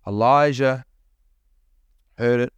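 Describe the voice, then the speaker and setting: A man's voice: mid-range voice, slow pace, clear, resonant tone, no room sound, highs cut off. A male pastor preaching a sermon, asking the congregation rhetorical questions and reading scripture aloud. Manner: reads scripture aloud, voicing the prophet's lines.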